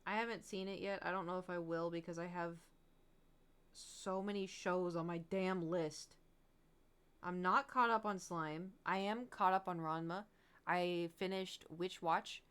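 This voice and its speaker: A woman's voice: fairly low pitch, fairly even intonation, measured pace, fairly bright tone, smooth. A woman livestreamer in casual, rambling chat, candid and swearing freely with frequent laughs.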